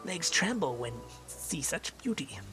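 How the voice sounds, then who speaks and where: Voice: mid-range voice, big pitch swings, a little slow, over music. A gamer voicing a tiny, mocking male mite seneschal in a sing-song way. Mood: fawning. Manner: taunting sing-song, fawning.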